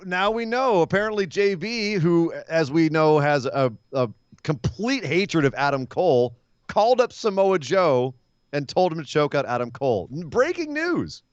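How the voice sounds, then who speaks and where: A man co-hosting a casual wrestling podcast, telling stories in an animated way and acting out quotes. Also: fairly high pitch, normal speed, clean tone, dry recording, lo-fi sound. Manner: animated storyteller, acts out quotes. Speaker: podcast co-host. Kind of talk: casual wrestling recap chat.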